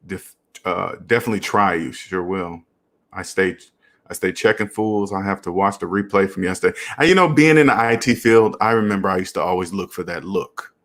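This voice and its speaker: A man's voice: on the low side, normal speed. A man hosting a casual live stream, reading viewer comments and lecturing earnestly about debt. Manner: earnest, preachy, animated. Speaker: channel host.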